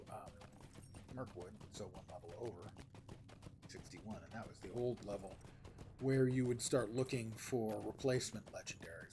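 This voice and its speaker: A man's voice: fairly low pitch, background noise. A middle-aged man streaming a game, thinking aloud in a musing, wry, rambling way with sighs. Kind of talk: casual gameplay commentary, thinking aloud.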